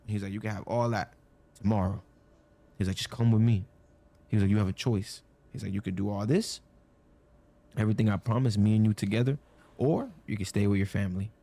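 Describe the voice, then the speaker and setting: A young man with a fairly low voice tells a story in a loose, casual way. He rambles, leans on "like" constantly, and slips into the voices of the people he quotes. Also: fairly quick, gravelly, long pauses, dark tone. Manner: rambling, many "like" fillers, acts out quoted dialogue. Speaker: storyteller guest.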